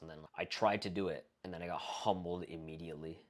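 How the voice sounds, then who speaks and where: A man's voice: deep voice, quick pace, hardly any pauses. A young man giving a blunt, profane, casual self-improvement talk, full of fillers and rhetorical questions. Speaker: self-improvement video creator. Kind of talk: casual monologue to camera.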